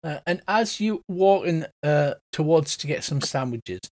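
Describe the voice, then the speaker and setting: Game master, lively narration. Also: male voice, fairly high pitch, unhurried. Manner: rambling narration with fillers.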